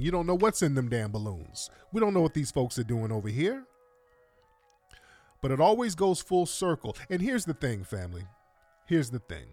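A man giving impassioned commentary to his viewers, emphatic and repeating catchphrases to the audience. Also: mid-range voice. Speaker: online commentator.

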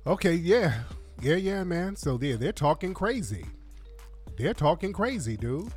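A man hosting reaction commentary, mocking and animated, with lots of slang. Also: fairly high pitch, unhurried, slightly rough, faint music behind. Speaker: commentary host.

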